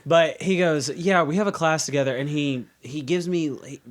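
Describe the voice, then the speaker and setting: A man's voice: fairly high pitch, normal speed. A young man co-hosting a podcast, teasing his friends and telling profane stories in casual chat. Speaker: podcast co-host.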